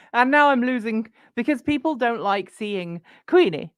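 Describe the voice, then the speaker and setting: A woman's voice: a little high, lively intonation, unhurried, no room sound. A woman hosting her channel, chatting casually with amused, laughing asides. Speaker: channel host. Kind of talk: casual chat to camera.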